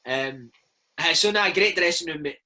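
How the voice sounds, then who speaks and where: A Scottish man in his thirties, a former footballer telling stories in a casual interview, animated and peppering his talk with "mate". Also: on the high side, moderate pace, poor audio. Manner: animated, chatty, keeps saying mate. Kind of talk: casual storytelling chat.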